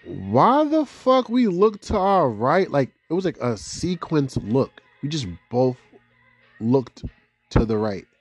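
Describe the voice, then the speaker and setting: A young man with a fairly high voice tells a casual story, full of street slang and cursing. His pitch swings widely, leaping up for disbelieving reactions. The sound is dry and close. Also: slow, breathy edge, dry recording, soft background music. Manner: animated, profane street slang, big rises in pitch for quoted reactions. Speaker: vlog host.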